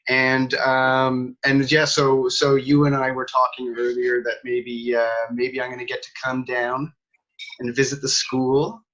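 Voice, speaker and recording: A man's voice: mid-range voice, level tone, a bit bright. Guy hosting a chat, lots of um and restarts, kinda muffled lo-fi audio. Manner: halting, full of restarts and fillers. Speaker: host. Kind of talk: casual interview.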